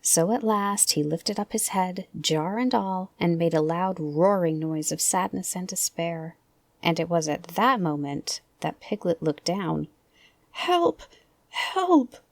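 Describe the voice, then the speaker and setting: A woman reading a children's storybook aloud in a gentle, soft bedtime voice, often close to a whisper. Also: lowish voice, measured pace, dry recording. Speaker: audiobook reader.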